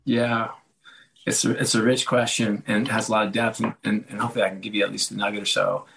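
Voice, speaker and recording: A hoarse man talking as a guest, telling stories in a casual, animated way and acting out the quoted voices with big pitch jumps. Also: fast, poor audio. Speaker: guest author. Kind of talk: casual storytelling conversation.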